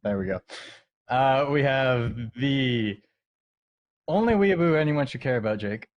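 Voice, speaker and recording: A man's voice: mid-range voice, lively intonation, measured pace, dull audio. Man hosting a joking podcast intro. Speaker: podcast host. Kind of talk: casual podcast chat.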